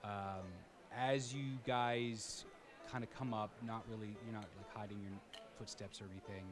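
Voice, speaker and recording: A man's voice: fairly low pitch, fairly even intonation, moderate pace, over music. A man narrating a fantasy tabletop game as game master, in a loose, rambling way with lots of fillers.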